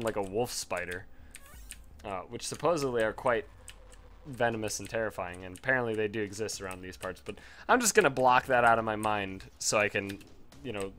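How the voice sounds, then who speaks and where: Rambling, foul-mouthed male game commentator. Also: slight background noise. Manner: rambling, profane storytelling; excitable jumps in pitch. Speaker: gameplay commentator. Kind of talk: casual gameplay commentary.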